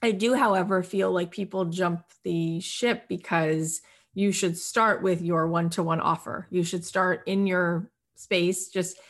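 A woman's voice: fairly low pitch, fairly even intonation, unhurried. A woman guest on a podcast who speaks emphatically and motivationally, asking lots of rhetorical questions. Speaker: interview guest. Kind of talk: motivational conversation.

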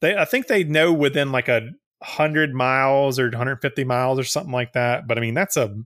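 A man's voice: medium pitch, a little fast, a bit bright. A man co-hosting a podcast in casual chat, rambling and profane, laughing often. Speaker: podcast co-host.

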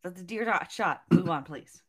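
Woman, Southern US accent, podcast co-host, earnest critic, halting restarts. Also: on the low side, a bit bright. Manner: hesitant restarts, earnest nitpicking. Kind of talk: casual chat.

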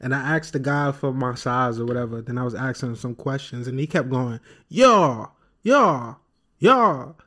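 A man from New York with a New York accent, telling stories in a swearing, animated way on a podcast. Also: mid-range voice, fairly quick, few pauses. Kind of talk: casual storytelling chat.

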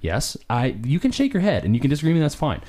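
A man's voice: on the high side, huge pitch swings, dark tone. A man in a casual debate, arguing back and cutting in on the other speaker. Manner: argumentative, interjecting, quick laugh.

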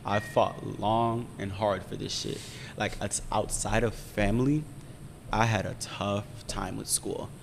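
A young man in casual chat, candidly telling a story, profane and animated as he talks. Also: measured pace, gravelly. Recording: roomy reverb with faint rumble.

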